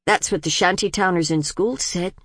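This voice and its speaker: A woman's voice: on the low side, moderate pace, fairly bright tone, no room sound, studio quality. A woman voicing a curious, defiant young woman of twenty who keeps asking pointed questions. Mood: probing.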